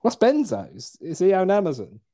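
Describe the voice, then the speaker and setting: A man's voice: high voice, wildly swooping pitch, moderate pace, mellow. A man co-hosting a podcast, teasing and bantering playfully in casual chat. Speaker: podcast co-host.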